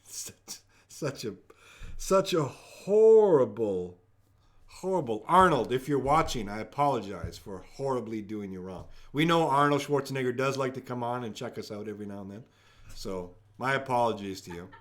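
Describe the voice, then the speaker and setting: A man's voice: medium pitch, a little fast, fairly bright tone. A man hosting a live-streamed trivia game from home, joking around as he reads each question twice. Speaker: trivia host.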